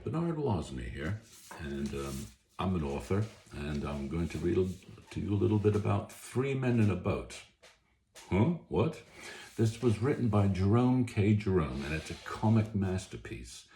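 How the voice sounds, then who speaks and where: Deep-voiced chatty man author. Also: sing-song, moderate pace, mellow. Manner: chatty, rambling, self-correcting. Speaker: author reviewing a book. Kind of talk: casual book talk to camera. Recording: echoey room, faint noise.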